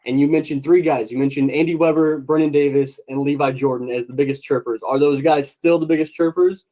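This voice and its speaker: A man's voice: a little high, steady tone, brisk, mellow, poor audio. A man hosting a casual interview podcast, chatty with lots of filler words. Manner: chatty, many fillers, friendly. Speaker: podcast host.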